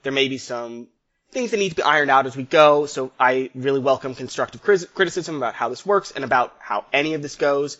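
A man hosting a tabletop game podcast as game master, talking in a relaxed, rambling way and laughing often. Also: mid-range voice, fairly quick. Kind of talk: casual podcast chat. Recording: dull lo-fi audio.

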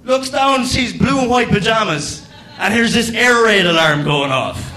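A young Irish man doing a stand-up comedy set, telling stories in a profane, animated way with loud acted-out outbursts. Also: high-pitched, a little slow, a little hiss or hum. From Ireland.

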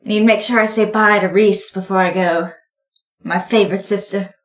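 A woman's voice: medium pitch, fairly even intonation, a little fast. A woman playing in a tabletop game, eagerly chatting in character and describing her moves. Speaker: player. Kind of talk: tabletop role-play. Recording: roomy echo.

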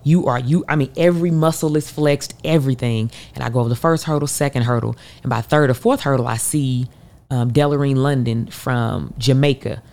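A woman in her thirties from the United States, an Olympic hurdler telling a race story as an interview guest, acting out quotes with sudden leaps in pitch. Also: brisk. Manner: animated, acts out her own voice and others in quotes. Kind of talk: emotional storytelling.

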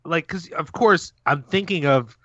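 A man's voice: fairly high pitch, measured pace, a bit bright, lo-fi sound. A man co-hosting a podcast, with dry, understated remarks. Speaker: podcast co-host. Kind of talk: casual banter.

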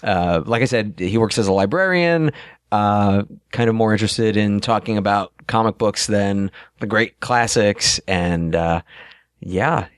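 A man chatting casually on a podcast. He pauses often on uh and um. His voice sits fairly low, and the close recording is completely dry. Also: clean tone, no echo. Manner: hesitant, full of uh and um. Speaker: player.

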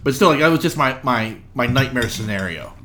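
A man's voice: medium pitch, animated, a little fast, sharp tone, a little hiss or hum. A man co-hosting a podcast, telling a rambling household anecdote in casual chat. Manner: rambling anecdotes, acts out others' lines. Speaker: podcast co-host.

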